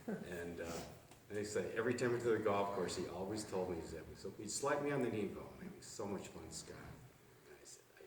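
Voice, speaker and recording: A man's voice: on the low side, animated, fast. A man telling plainspoken stories about a late neighbor and friend at a memorial. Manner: plainspoken, storytelling. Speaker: eulogy speaker. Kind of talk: memorial remarks. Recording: echoey and distant, with noise.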